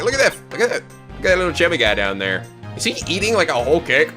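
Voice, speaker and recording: A man giving casual, joking gameplay commentary, excitable and swearing often. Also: fairly high pitch, fast, music in the background. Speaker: video game let's player.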